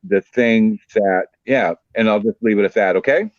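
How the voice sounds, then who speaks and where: Male psychic guest, mid pitch, dull lo-fi audio, dry sound, repetitive and checking in. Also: moderate pace, no room sound. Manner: repeats himself, says okay a lot. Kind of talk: casual reading.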